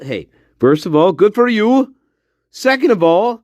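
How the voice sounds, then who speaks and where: A man hosts a casual livestream, giving his viewers a swearing, fired-up pep talk. He speaks slowly in a slightly high voice that swings widely in pitch. The sound is dry and close. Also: sing-song, darkish tone, no echo. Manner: profane, emphatic pep talk to chat viewers. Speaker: livestream host.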